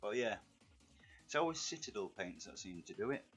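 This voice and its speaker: A middle-aged man with a rough Yorkshire accent, chatting and bantering with viewers while he paints miniatures on a live stream. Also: on the low side, big pitch swings, brisk, a bit bright. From England. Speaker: live-stream hobby host. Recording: dull lo-fi stream audio, faint music.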